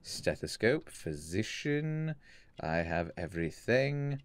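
A man giving dry, deadpan commentary while playing a video game. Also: on the low side, slow pace, dry recording. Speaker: gaming YouTuber. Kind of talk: let's play commentary. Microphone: studio condenser mic.

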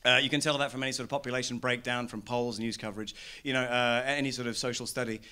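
A man from London performing a stand-up comedy set in a small arts venue, telling stories deadpan and building to loud rants. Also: mid-range voice, fast talker, clean tone.

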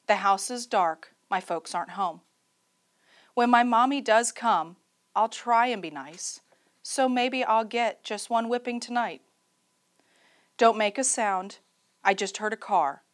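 A woman's voice: mid-range voice, close to an everyday voice. A woman voicing a frightened three-year-old girl. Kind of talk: poem recitation.

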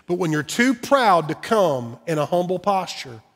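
A man's voice: high voice, very animated, normal speed, hardly any pauses, a bit bright, in a large hall. A middle-aged man preaching a sermon in church, telling personal stories in an earnest, heartfelt way. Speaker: pastor. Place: church sanctuary.

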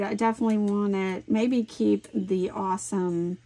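A woman chatting casually while she works on a scrapbook layout at home. She is animated, thinks aloud and laughs often. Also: medium pitch, normal speed, gravelly, hardly any pauses. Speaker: scrapbooking vlogger. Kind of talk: casual chat while crafting.

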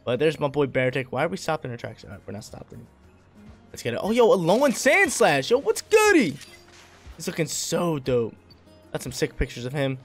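A man's voice: mid-range voice, fast, soft background music. A man giving casual, hyped gameplay commentary, talking in slang and laughing often.

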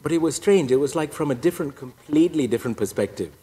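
A man's voice: a little high, lively intonation, fast, dark tone. A priest giving a personal testimony talk, telling his story with wry, self-deprecating humor. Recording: echoey hall reverb.

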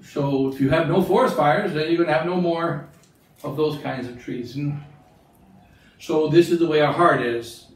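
A man's voice: fairly high pitch, moderate pace. A man, a bishop, giving a catechism talk to religious sisters, asking his listeners questions and repeating phrases for emphasis. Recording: very echoey room, mic far off.

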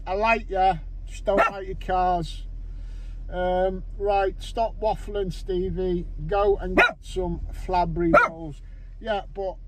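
A Scouse man chatting to camera from behind the wheel, with a fairly high voice for a man. He rambles and swears freely, and clear road and engine noise runs under his voice. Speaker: vlogger. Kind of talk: casual chat to camera. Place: in a car, driving. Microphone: camera mounted on car window.

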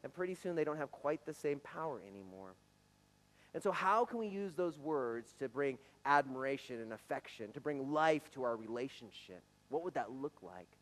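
A man's voice: mid-range voice, lively intonation, normal speed, poor audio. A man in his forties, a pastor preaching a conversational, earnest sermon to his church, now and then stumbling over his words. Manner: conversational, earnest, with some stammered restarts. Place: church sanctuary.

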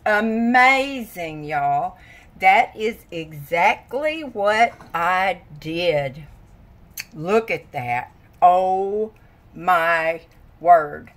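An older woman talks to her viewers from her kitchen at a slow, easy pace. She is chatty and folksy, often breaking into exclamations. She sounds tired. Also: fairly low pitch, lively intonation. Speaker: vlogger. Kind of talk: casual chat to camera. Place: home kitchen.

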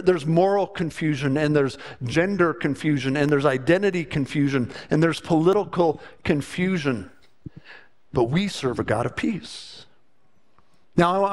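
Earnest pastor preaching from the stage. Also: male voice, on the high side. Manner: earnest, repeats words when starting a thought. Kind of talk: sermon. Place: church.

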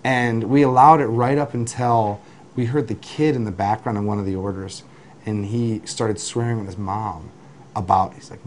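A man who runs a delivery business, telling lively work anecdotes in an interview, with restarts and acted-out quotes. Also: lowish voice, moderate pace, slight background noise. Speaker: food delivery business owner. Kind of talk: interview storytelling.

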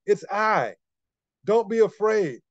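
A steady, reassuring Jesus calls out from the water, as a preacher puts him on in his sermon. The voice sits a little high for a man and urges with emphasis. The recording is dry and slightly dull. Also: slow, no echo. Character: calm reassuring male Jesus calling from the water.

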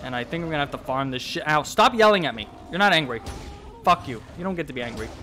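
A young man giving casual let's-play commentary, swearing and talking back to the monster, with sudden yells. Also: a little high, animated, fast talker, a little hiss or hum. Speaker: gameplay commentator.

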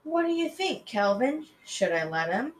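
Woman voicing a calm playground man, sly, teasing, easygoing. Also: a little high, moderate pace, roomy sound, slight background noise, pitched above the performer's own voice. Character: calm, sly adult man running recess.

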